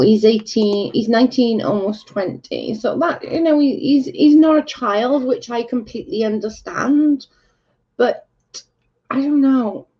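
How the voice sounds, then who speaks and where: On a livestream, a woman with a fairly high, mellow voice chats casually and answers viewer comments bluntly, candidly and with plenty of swearing. The recording is dull and lo-fi.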